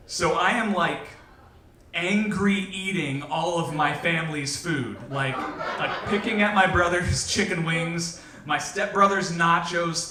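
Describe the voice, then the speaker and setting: A young man tells a comic true story to a live crowd, his voice bright and ringing, with a fairly high pitch. He speaks with lots of ums and an animated delivery. The sound is roomy and echoey, as if picked up from a distance in a hall. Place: event hall with audience.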